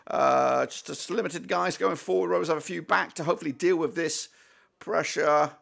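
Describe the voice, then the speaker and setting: A man hosting a live football watchalong, commentating excitedly as a fan, with swearing, fillers and restarts. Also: on the high side, moderate pace, creaky.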